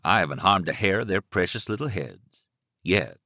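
A man voicing a menacing male villain who speaks in a slow, teasing drawl. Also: deep voice, animated, sharp tone, no echo, clean studio sound, full character voice. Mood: taunting.

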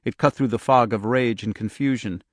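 Narrating an audiobook, this man keeps a steady, tense rhythm at a moderate pace in a mid-range voice. The close recording is dry, with no echo or room sound.

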